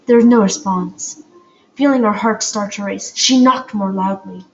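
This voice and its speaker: A woman's voice: a little high, a little mellow. A woman reading an audiobook aloud, hesitant, with fillers and small slips, on a dull, lo-fi home recording with faint hiss. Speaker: audiobook reader. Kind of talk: amateur audiobook narration.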